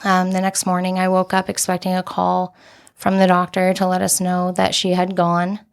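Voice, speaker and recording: Young woman on a podcast, gravelly, pretty flat delivery, earnest and candid. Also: on the low side, moderate pace. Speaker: podcast guest. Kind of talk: personal storytelling.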